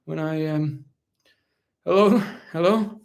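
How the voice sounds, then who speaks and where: A proud, weary warrior-captain, put on by a man answers questions live. His voice sits fairly high. He rambles in a dry, mock-solemn way and keeps justifying himself. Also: takes it slowly, creaky, darkish tone. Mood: chatty. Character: proud weary male warrior-captain of a kingdom, self-serving. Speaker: impressionist taking live questions in character. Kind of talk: live-stream in-character Q&A.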